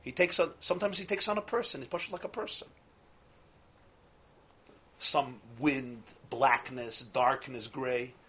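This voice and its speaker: Man, rabbi giving a Torah class, husky voice. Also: mid-range voice, a little slow, pauses often, sharp tone. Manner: conversational, asks the class questions, repeats phrases, uses Hebrew and Yiddish terms.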